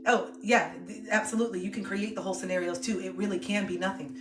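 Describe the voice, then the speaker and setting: A young woman livestreamer talking to her chat in a calm, earnest, open way. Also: mid-range voice, fast, over music. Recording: roomy echo.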